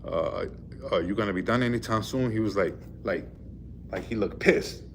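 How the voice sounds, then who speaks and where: A man's voice: on the low side, normal speed, noisy background. A man, a truck driver, casually retelling a run-in with the police, rambling and full of fillers. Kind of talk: casual storytelling vlog. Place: in a vehicle.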